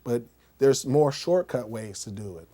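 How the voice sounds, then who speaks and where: Casual male music teacher, mellow voice. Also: medium pitch, animated, unhurried. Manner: conversational, keeps checking in with "okay?" and "right?"; demonstrates on a keyboard while explaining.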